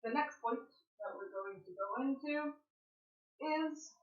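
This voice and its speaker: A woman's voice: high voice, takes it slowly. A woman teaching a live online English grammar lesson, explaining patiently and often checking in with her students. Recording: roomy, dull lo-fi sound.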